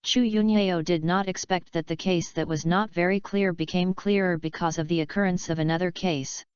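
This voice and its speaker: A woman narrating a novel in a steady, plain reading manner. Her voice is a little low and very smooth and clean. The recording is dry, with no room sound, and slightly dull in tone. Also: normal speed, no room sound. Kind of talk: audiobook narration.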